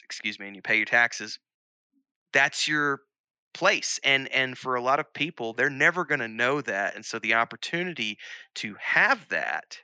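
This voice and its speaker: A man's voice: lowish voice, sharp tone, no room sound. A man in casual conversation, rambling thoughtfully and restarting sentences as he recalls a film scene. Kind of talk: casual chat.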